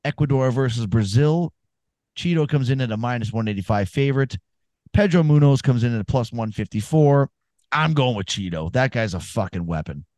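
A man chatting casually about fights on a podcast, swearing freely and wandering off into long stories. His pitch sits in the middle for a man, and the sound is dry with no room around it. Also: lively intonation, brisk, darkish tone, dry recording. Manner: profane, rambling storyteller. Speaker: podcast co-host. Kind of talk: casual sports chat.

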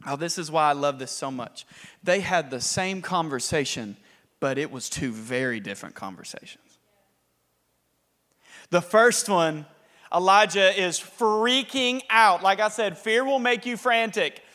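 Male pastor, lively sermon delivery, high voice, hall reverb. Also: a little slow. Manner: animated, laughing, acts out scripture.

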